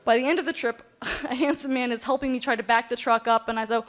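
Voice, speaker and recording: A young woman with a bright, high-pitched voice tells a funny personal story to a live audience. She is animated and self-mocking, often laughing as she goes. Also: fast.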